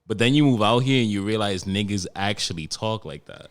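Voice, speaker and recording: A young man from New York hosting a casual podcast chat, telling stories in a profane, animated way. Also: on the low side, fairly quick, clean tone. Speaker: podcast host.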